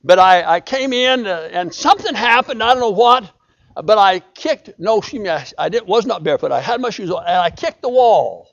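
High gravelly preaching man, lo-fi. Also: lively intonation, moderate pace. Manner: preaching with rising emphasis and repeated phrases. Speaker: pastor. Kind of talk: sermon.

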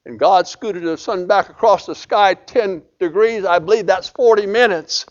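A man preaching a sermon, swinging from loud impassioned cries to hushed pleading. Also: high voice, normal speed, dull audio.

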